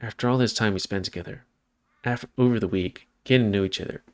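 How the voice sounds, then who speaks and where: A man's voice: on the low side, fast talker, a little mellow. A man reading a visual novel aloud as a let's play, stumbling and correcting himself now and then, with off-script asides. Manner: reads narration with stumbles and self-corrections, breaks off for asides.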